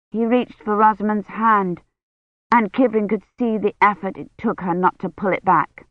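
A woman reading a novel aloud as audiobook narrator in a measured, even way. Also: mid-range voice, dry recording. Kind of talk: scripted narration. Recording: dry, dull lo-fi audiobook recording.

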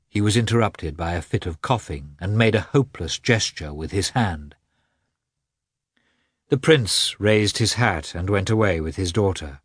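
A man narrating a classic novel as an expressive audiobook reader. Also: deep voice, normal speed, breathy edge, dry recording, studio quality. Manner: expressive, varied reading. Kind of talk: scripted narration.

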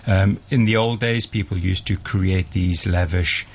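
A man with a somewhat low, husky voice talks through the business side of restaurants. He speaks in a measured, explanatory manner, laying out his points step by step in casual radio chat. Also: steady tone. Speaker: restaurateur guest.

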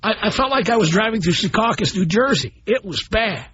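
A middle-aged man hosting a call-in radio show, blunt and animated as he tells stories to his listeners. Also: high voice, brisk, slightly rough. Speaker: radio talk show host. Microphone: studio microphone. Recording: dull broadcast audio.

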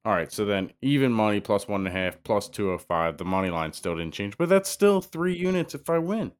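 Lower-voiced wry man. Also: very animated, a little fast, clear, resonant tone. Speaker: podcast co-host. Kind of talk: casual sports betting chat.

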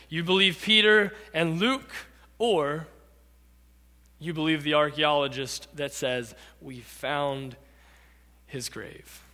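A man preaching a sermon as pastor, dramatic, acting out quotes and rising to shouts. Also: sits high. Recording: long reverb of a large hall.

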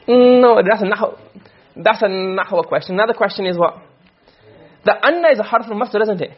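A man lectures a class at speed, his voice high-pitched and a little husky. He keeps stopping to quiz his students. The recording is dull and low-fidelity. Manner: quick, questioning students often, mixing Arabic terms. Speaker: teacher of Arabic rhetoric.

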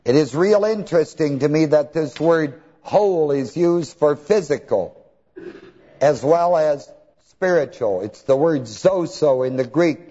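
A man's voice: on the high side, animated, a little slow, warm tone, husky. A man preaching a sermon, asking the congregation to fill in words and spelling terms out letter by letter. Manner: call-and-response questions to the congregation. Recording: dull lo-fi recording with long hall reverb.

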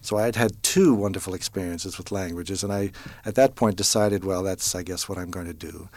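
An American man in his fifties, telling his life story in an interview in a measured, thoughtful way with filler pauses. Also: deep voice, steady tone, darkish tone, no room sound. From United States.

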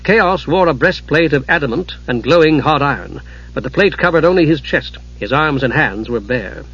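A man narrating a fantasy audiobook in a steady, dramatic storytelling manner. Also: a little high, normal speed, slightly rough. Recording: dull lo-fi audiobook recording.

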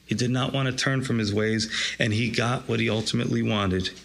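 A man's voice: mid-range voice, fairly even intonation, fairly quick, creaky, a bit bright. A man preaching a sermon, reading scripture aloud and drawing out its lesson with rising emphasis. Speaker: pastor.

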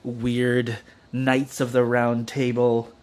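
A man's voice: medium pitch, completely flat delivery, slow, a little mellow. Rambling, jokey man in casual chat. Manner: rambling, jokey, slips into silly put-on voices for quotes. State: drinking.

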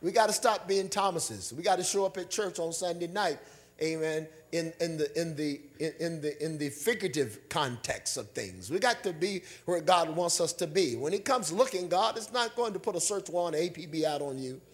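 A man's voice: a little high, normal speed. A man preaching a sermon, calling for amens, repeating phrases and rising at times into a half-sung delivery. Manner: call-and-response preaching, rising to near-song. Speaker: pastor.

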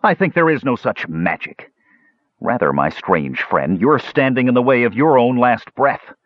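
A man voicing a furious, jealous young male mage in an audiobook, sharp and snarling. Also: mid-range voice, lively intonation, normal speed, no echo, lo-fi sound, voice pushed up, lightly acted. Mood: angry. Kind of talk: audiobook character voice.

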